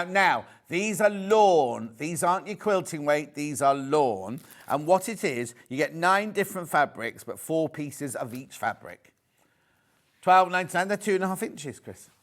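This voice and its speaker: A man's voice: high voice, a bit bright. A man presenting a live shopping channel show from a studio, chatty and jokey, selling fabrics and reading out viewer messages. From United Kingdom.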